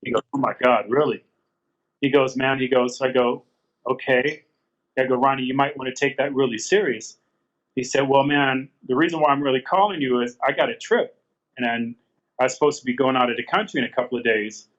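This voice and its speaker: A man's voice: medium pitch, fairly quick, fairly bright tone. Man retelling calls over dull lo-fi audio. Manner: retells phone calls with quoted back-and-forth dialogue. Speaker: interview guest. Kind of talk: casual storytelling interview. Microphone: remote call from a garage.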